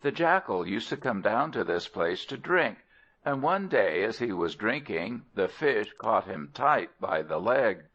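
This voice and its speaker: A man narrating a folk tale as an audiobook in a measured, expressive way, on a dull lo-fi recording. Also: lowish voice. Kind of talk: storybook narration.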